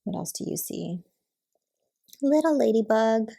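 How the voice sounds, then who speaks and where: A young woman reading a picture book aloud to small children, gently naming the pictures and asking questions. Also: fairly high pitch, animated, measured pace, vocal fry. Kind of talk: storybook reading to toddlers.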